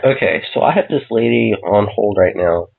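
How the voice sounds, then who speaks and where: A man's voice: fairly low pitch, lively intonation, moderate pace, creaky, breathy edge. Mock-polite man baiting on a tinny line. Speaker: prank caller posing as customer service. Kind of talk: prank phone call. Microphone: phone.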